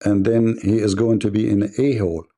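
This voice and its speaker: A man's voice: lowish voice, flat delivery, a little fast, mellow. A man hosting a livestream debate, delivering a mocking, combative monologue.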